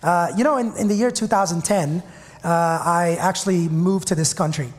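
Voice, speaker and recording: A man's voice: high voice, moderate pace, big-room sound. A man in his thirties preaching a sermon as pastor, telling a personal story in a conversational, self-deprecating way.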